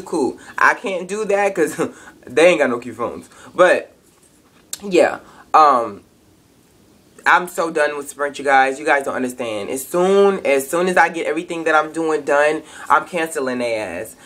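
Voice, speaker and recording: A woman's voice: sits low, animated, measured pace, fairly bright tone. A young woman, ranting angrily and profanely in a casual webcam vlog. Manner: angry, profane, emphatic ranting. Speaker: vlogger.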